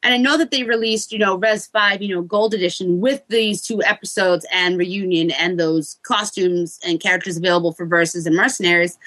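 A woman talks through a game's story on a podcast in a loose, chatty way. She drops into quick mock voices for the characters as she goes. Her voice sits in the middle of her range and sounds dry and close to the mic. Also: mid-range voice, fairly bright tone, dry recording, rough recording. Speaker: podcast co-host reviewing a game. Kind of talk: casual chat.

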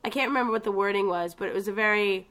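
A woman chatting casually about video games, telling the story with lively asides and quick mimicked voices. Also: mid-range voice. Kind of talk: casual gaming chat.

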